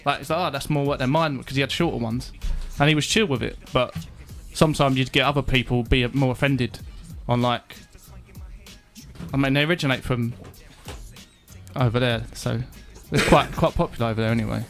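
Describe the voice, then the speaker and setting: Young male guest, middle pitch, halting and casual, soft music underneath. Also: vocal fry. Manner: hesitant, halting, restarts a lot. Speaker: podcast guest. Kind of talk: casual chat.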